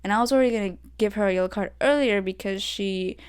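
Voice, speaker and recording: A woman's voice: mid-range voice, quick pace, clean tone. Young woman ranting solo on her podcast, rambly, lots of ums, gets worked up. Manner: rambling storytelling, many fillers. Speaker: podcast host. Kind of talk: solo casual rant. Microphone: desk podcast mic.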